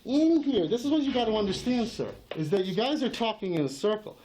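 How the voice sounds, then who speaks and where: Agitated high-voiced man arguing. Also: lively intonation, brisk, a little mellow, slight background noise, rough recording. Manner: agitated, insistent, repeats himself and talks over others; profane. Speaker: channel owner confronting a sheriff. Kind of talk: heated face-to-face argument.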